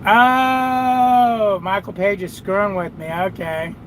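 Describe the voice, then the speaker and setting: Talking slowly in a high-pitched, steady voice, a man who drives trucks chats with viewers on a live stream from his cab amid a noisy background. He rambles, swears freely, and speaks to both his audience and his dog.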